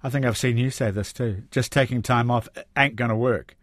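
A man's voice: mid-range voice, fairly even intonation, fairly quick, no echo. Male radio host, conversational and questioning, dry close studio sound. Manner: conversational, leading questions with tags. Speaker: interview host. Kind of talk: radio interview.

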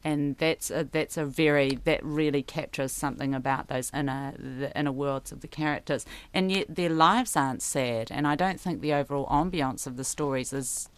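Brief: New woman, radio guest, low smooth voice, dry close sound, eager and reflective. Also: moderate pace, hardly any pauses. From New Zealand. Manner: enthusiastic, thoughtful, frequent restarts. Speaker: radio interview guest, poet. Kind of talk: casual radio conversation.

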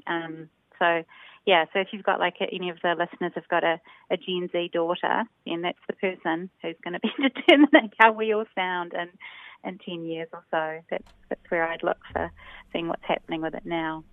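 A woman's voice: lowish voice, steady tone, normal speed, no echo. A New woman, a sociolinguist, explaining ideas thoughtfully on a radio phone interview, with many hesitations. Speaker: sociolinguist guest. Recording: tinny phone line.

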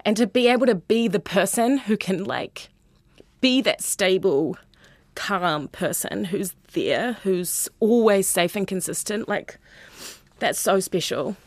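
A young woman, a high school teacher talking candidly in an interview, earnest and chatty, full of "like" and "you know". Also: expressive, slow pace, no echo. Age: 20s.

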